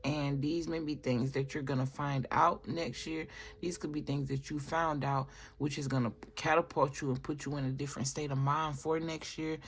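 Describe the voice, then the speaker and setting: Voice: medium pitch, flat delivery, normal speed, hardly any pauses, slightly rough. A tarot reader giving a casual spoken reading, rambling with restarts and filler asides, and talking straight to viewers. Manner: chatty, addresses viewers directly.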